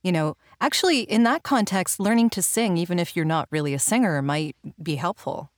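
A woman hosting a podcast, asking questions in a relaxed conversational way, with frequent laughs and hesitant fillers. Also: fairly low pitch, brisk, no echo, studio quality. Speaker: podcast host. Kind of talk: conversational interview.

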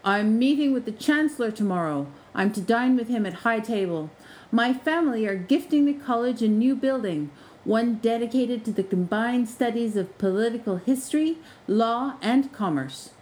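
A woman's voice: a little high, animated, moderate pace, darkish tone, pitched above the performer's own voice, natural voice. A haughty young nobleman , as a woman reads him, who bullies and snaps at anyone in his way. The voice stays close to the reader's own, with clipped, entitled delivery. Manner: haughty, snapping. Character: arrogant young male lord, bullying.

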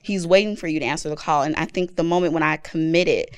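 A woman's voice: low voice, fast, clear, resonant tone, no echo. A woman guest on a faith-based podcast, sharing an earnest, reflective testimony.

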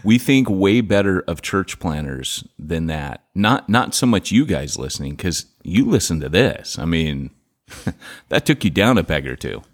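A man's voice: low-pitched, big pitch swings, measured pace. A man co-hosting a podcast, joking around in casual, playful banter. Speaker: podcast co-host. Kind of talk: casual chat.

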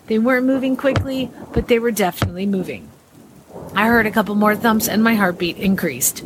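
A woman reading a listener's spooky story aloud, dramatic and expressive as she acts out the suspense and fright. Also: mid-range voice, fairly quick, background noise.

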